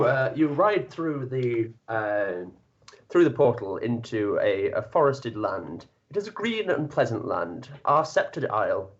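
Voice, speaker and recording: An unhurried male dungeon master narrates scenes with a lively, swinging pitch and frequent pauses. His voice comes over a dull, lo-fi voice call. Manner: lively, animated narration with hesitations. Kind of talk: narrating a tabletop game.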